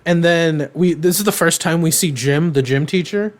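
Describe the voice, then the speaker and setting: A man's voice: fairly high pitch, normal speed. Rambling young man recapping a cartoon. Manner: rambling, filler-heavy, animated retelling with quoted voices. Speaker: podcast co-host. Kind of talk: casual chat recapping a cartoon.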